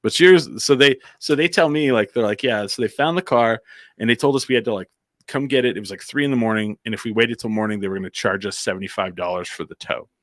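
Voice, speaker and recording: A man's voice: fairly low pitch, fast, fairly bright tone, dry recording, studio quality. Rambling man telling a story. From Albuquerque, New Mexico. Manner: rambling, heavy on "like" and restarts. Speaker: storyteller on a comedy podcast. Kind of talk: casual anecdote telling.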